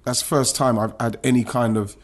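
A man's voice: medium pitch, fairly even intonation, fairly quick. A man, a former footballer, recounting his career in an emotional podcast interview, with many restarts and some swearing.

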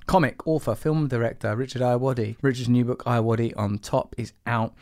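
A man's voice: medium pitch, steady tone, moderate pace, darkish tone, dry recording, clean studio sound. Playful rambling male podcast host. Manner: playful, rambling, jokey asides. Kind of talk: casual chat.

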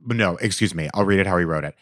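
A man's voice: sits low, quick pace, fairly bright tone, no echo, clean studio sound. A man co-hosting a podcast in casual chat, playful and theatrical as he reads listener reviews aloud. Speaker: podcast co-host.

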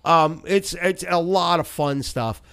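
A man's voice: on the high side, slow pace, fairly bright tone. A man hosting a casual chat about music, blunt and profane in his opinions.

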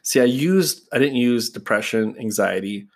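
A man with a creaky, mid-range voice speaks at normal speed, casually teaching fellow practitioners. He talks straight to his listeners, calling them "guys" and acting out exchanges with clients in a conversational instructional style.

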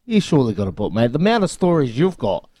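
Mellow-voiced New radio co-host. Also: male voice, medium pitch, big pitch swings, fast talker, a little hiss or hum. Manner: earnest, rambling, many restarts. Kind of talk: casual radio chat.

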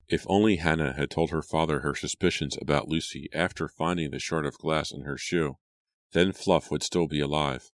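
A man narrating an audiobook in a steady, measured storytelling manner. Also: very deep voice, dry recording, clean studio sound. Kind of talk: scripted narration.

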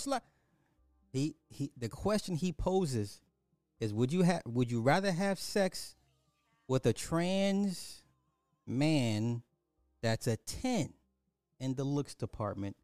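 A man's voice: mid-range voice, a little mellow, no echo, studio quality. A man giving reaction commentary, rambling and trailing off mid-sentence.

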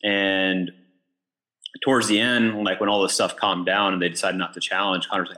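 Co-host type: a man with a low, bright, punchy voice; animated storyteller who restarts words. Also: moderate pace. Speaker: pickleball pro and podcast co-host. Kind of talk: casual podcast chat.

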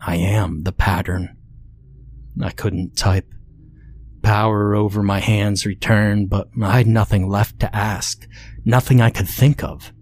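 A man with a somewhat low voice reads a horror story in a measured, somber way. His delivery is scripted and steady, a storyteller's narration.

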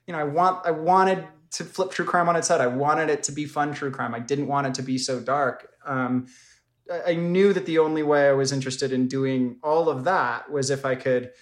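A man's voice: fairly high pitch, steady tone, normal speed, echoey room. A man, a documentary filmmaker, talking through his work in an interview, thoughtful and full of fillers and restarts. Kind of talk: conversational interview.

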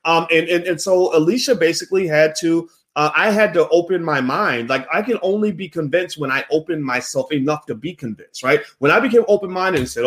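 Animated, swearing male commentator. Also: a little high, fairly quick, few pauses. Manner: animated, profane, many restarts. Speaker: host. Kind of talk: casual commentary monologue.

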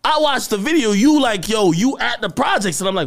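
Animated New podcast host. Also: male voice, high voice, a little fast, vocal fry. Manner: animated, incredulous questioning. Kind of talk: podcast interview.

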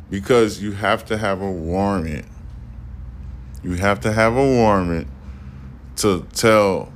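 A man's voice: deep voice, slight background noise. A man hosting a solo commentary podcast, talking in a blunt, emphatic, casual way and swearing often. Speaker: podcast host.

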